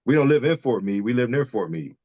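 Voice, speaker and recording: A man with a medium-pitched, warm voice talks quickly with lively intonation, venting frankly as a podcast guest on a casual video call. He's from Detroit, Michigan, candid and fired-up, swearing freely and repeating himself when heated. The remote call audio is muffled but has no echo.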